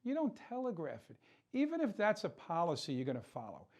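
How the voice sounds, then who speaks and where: A man's voice: high-pitched, huge pitch swings, fairly quick, a little mellow. Impassioned male political talk host. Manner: impassioned, rhetorical questions, repeats words for emphasis. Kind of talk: political commentary monologue.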